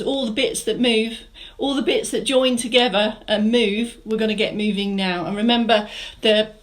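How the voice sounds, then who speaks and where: A middle-aged Englishwoman leads a live online exercise class as a fitness instructor, chatting about viewer comments and offering encouraging cues. Her voice is slightly high with a fairly bright tone, though the audio quality is poor.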